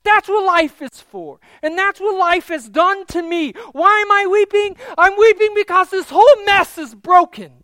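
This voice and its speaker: A man's voice: sits high, lively intonation, unhurried, gravelly, no room sound, clean studio sound, full character voice. A male preacher voicing a distraught grieving woman at an empty tomb, crying out in impassioned lament. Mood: anguished. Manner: impassioned, near-shouting lament.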